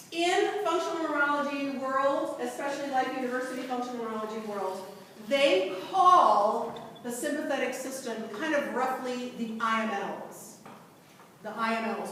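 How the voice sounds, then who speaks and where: A woman teaching a class and quizzing the students, lively, recorded from far off in a large lecture room. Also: fairly high pitch, normal speed, slight background noise. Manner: lively, asks the class questions. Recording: echoey hall from far off.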